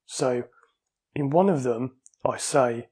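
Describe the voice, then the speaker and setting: A man with a husky, slightly breathy voice at a middling pitch tells stories about his own experience in a chatty way, often laughing along. The sound is recorded at home on a small dictaphone. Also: slow, darkish tone. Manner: chatty, anecdotal, laughs while telling stories. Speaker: vlogger sharing his surgery experience. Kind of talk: casual storytelling to camera. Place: at home, indoors.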